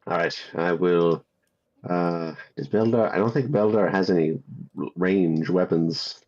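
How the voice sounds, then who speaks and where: A man's voice: deep voice, unhurried, a little mellow, lo-fi sound. A man playing in a casual tabletop game, hesitant and repeating himself as he thinks aloud. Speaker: player.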